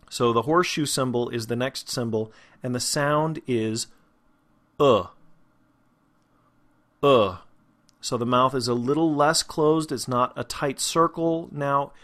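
A man teaching a podcast lesson on vowel sounds, explaining patiently and sounding out each vowel slowly and clearly. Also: medium pitch, fairly bright tone. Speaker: voice and speech teacher.

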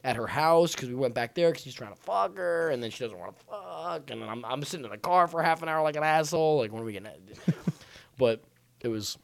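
A man's voice: expressive, brisk, creaky, no room sound. Crude, joking man in his twenties. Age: 20s. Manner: crude, joking, mimics others in a high voice. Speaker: podcast storyteller. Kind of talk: casual chat, telling a story.

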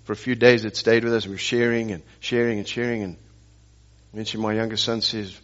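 A man's voice: on the low side, flat delivery, quick pace, highs cut off. A man preaching a sermon as pastor, telling stories and pressing the congregation with rhetorical questions and emphatic repetition.

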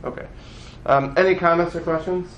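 A man leads a text class as a rabbi, speaking casually and with animation, often asking "right?" His voice sits a little high. The room is echoey, with a faint hiss behind him. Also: brisk, lo-fi sound. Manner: animated, acts out voices of the story, frequent "right?".

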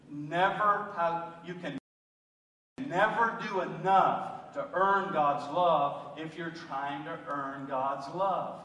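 A man preaching a sermon as a pastor, telling a personal story with passion, swinging between loud and hushed. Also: on the high side, a little hiss or hum. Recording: echoey hall heard from a distance.

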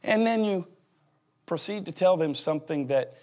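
A man's voice: high-pitched, expressive, moderate pace, darkish tone. A man in his forties, a pastor giving a humorous sermon and acting out little scenes as he laughs. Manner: joking storyteller who acts out voices and laughs.

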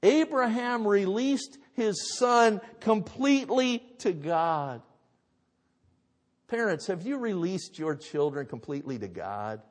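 A man's voice: high voice, big pitch swings, slow pace. A man pastor preaching a sermon, telling the story dramatically with emphatic rhetorical questions. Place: church sanctuary. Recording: reverberant church hall.

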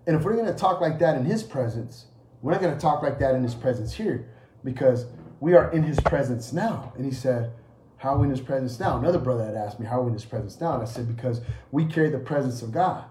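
A man's voice: medium pitch, expressive, fast, slight background noise. Emphatic man preaching in an echoey room. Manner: emphatic, repetitive, shifts from loud preaching to quiet storytelling. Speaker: pastor. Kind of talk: sermon.

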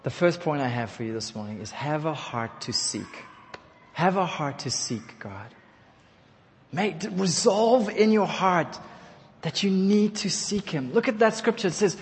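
A man preaching a sermon to his congregation, leading call-and-response and building to loud exhortation. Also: on the high side, animated, unhurried, slight background noise. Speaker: pastor. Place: church hall. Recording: long hall reverb.

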